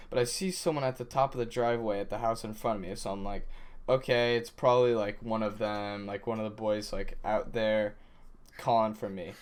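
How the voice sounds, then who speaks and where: A young man hosting a podcast, chatting casually with friends and telling stories animatedly, acting out the shouts and quoted lines. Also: lowish voice, steady tone, a little fast. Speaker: podcast host.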